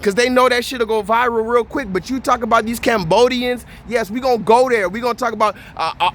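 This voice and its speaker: A man telling a story in a vlog, in a blunt, profane and animated rant. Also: very high voice, a little hiss or hum. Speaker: vlogger. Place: Houston area.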